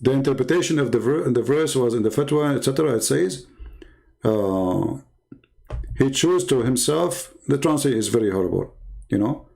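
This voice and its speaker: A man's voice: medium pitch, lively intonation, moderate pace, gravelly, a little mellow, poor audio. A man arguing heatedly on a live stream, reading out and translating source texts and firing rhetorical questions. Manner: combative, fires rhetorical questions. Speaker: live-stream religious debater.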